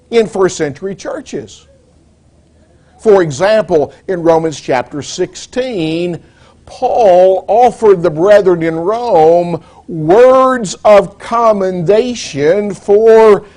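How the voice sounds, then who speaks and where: A man preaching a sermon in a measured, deliberate way, posing rhetorical questions to the congregation. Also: high voice, a little mellow.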